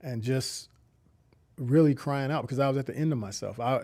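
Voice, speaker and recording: A man's voice: medium pitch, fairly quick, a little mellow. A middle-aged man giving an earnest, reflective faith testimony as an interview guest, often restarting his sentences. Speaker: guest, community founder.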